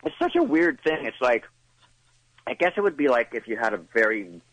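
A male guest with a mid-pitched voice that rises and falls freely. He rambles and restarts in a halting, self-deprecating way, and he is recorded close and dry. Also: big pitch swings, a bit bright, no room sound, low-quality recording. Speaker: guest, actor and musician. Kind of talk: casual interview chat.

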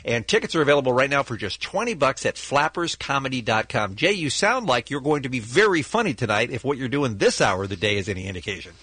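Lively, husky-voiced male radio host. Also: medium pitch. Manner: laughing, plugs shows with quick asides. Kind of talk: morning radio banter.

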